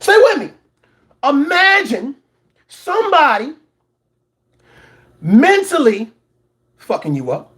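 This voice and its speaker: A man's voice: very high-pitched, huge pitch swings, slow, long pauses, a bit bright. A man hosting a reaction commentary show, preaching at his audience, repeating words for emphasis and mocking others in put-on voices. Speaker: commentary channel host.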